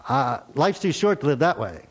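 A man preaching a sermon, telling a story with lively acted-out voices. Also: medium pitch, moderate pace, breathy edge. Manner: animated storytelling, acts out characters. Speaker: pastor.

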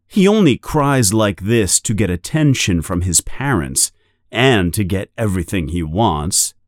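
A man slowly reading a children's story aloud as narrator. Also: low-pitched, no echo, clean studio sound. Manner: slow, lively storytelling. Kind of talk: slow storybook read-aloud.

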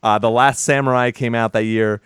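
A man's voice: mid-range voice, fairly even intonation, brisk, fairly bright tone, clear, resonant tone, no echo, clean studio sound. A man hosting a movie podcast in casual chat, rambling and laughing, with some swearing. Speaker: podcast host.

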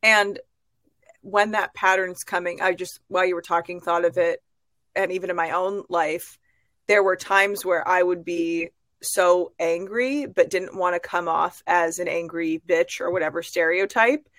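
A woman's voice: on the low side, steady tone, unhurried, fairly bright tone, no room sound. Earnest woman therapist, dry close mic. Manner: earnest, talks through her own experience. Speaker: therapist and podcast co-host. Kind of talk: casual advice chat.

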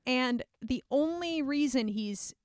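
Woman, casual book chat, enthusiastic, higher voice, dry sound. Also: lively intonation, takes it slowly, dry recording. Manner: gushing, enthusiastic, lots of "like". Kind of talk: casual chat about books.

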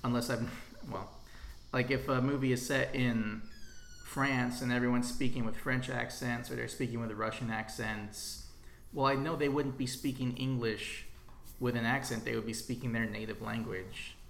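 A man's voice: mid-range voice, steady tone, moderate pace, vocal fry, fairly bright tone, a little hiss or hum. A man co-hosting a casual film podcast, explaining old film history in an easy, informative way. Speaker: podcast co-host. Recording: roomy echo.

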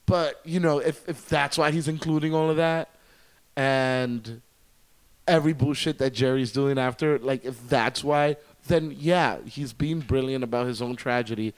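A man's voice: medium pitch, unhurried, clean tone. A man co-hosting a podcast, chatting casually and rambling animatedly, swearing freely. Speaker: podcast co-host. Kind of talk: casual chat.

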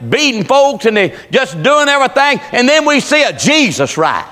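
High, bright preacher man. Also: big-room sound. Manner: folksy storytelling with Southern dialect, rising to shouts. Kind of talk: sermon.

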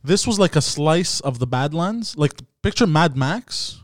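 A man's voice: on the high side, lively intonation, unhurried, dry recording. A man hosting a podcast in casual chat, giving short, blunt, profane reactions in a studio. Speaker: podcast host.

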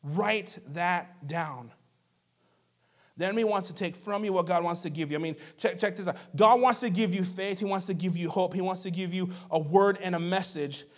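A man in his thirties preaching a sermon as a pastor, telling stories in a lively, conversational way with asides to the congregation. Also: sits high, moderate pace.

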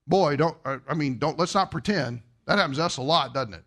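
Male pastor, sermon, animated delivery, rhetorical questions, acts out quotes. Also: a little high, a little fast, hardly any pauses. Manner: asks the congregation many rhetorical questions; acts out quoted voices for effect.

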